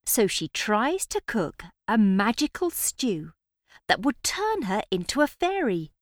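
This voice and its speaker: Woman, children's storyteller, high voice, sing-song, dry close sound. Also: very animated, a little slow, dry recording.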